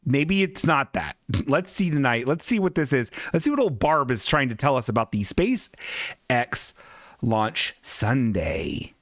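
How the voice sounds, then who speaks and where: Medium-pitched and measured in pace, this man hosts a comedy podcast, animatedly riffing on images with plenty of giggly asides. The sound is clean studio audio with no echo.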